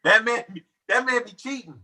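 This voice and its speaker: A man's voice: extremely high pitch, normal speed, crowd noise. A man in a casual chat, teasing his friends in laid-back slang. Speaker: podcast co-host.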